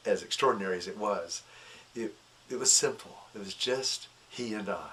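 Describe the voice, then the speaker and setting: Man, low voice, personal storyteller, animated then hushed, faint ambient noise. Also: moderate pace. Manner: animated, laughing, acts out voices when excited; soft, hushed and reflective. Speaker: devotee recounting a story.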